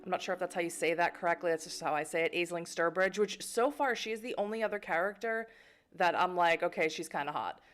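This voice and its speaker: A woman's voice: fairly low pitch, fairly even intonation, fast talker, a bit bright. A young woman streaming a narrative game, chatting playfully with many fillers and laughs while reading the game text aloud.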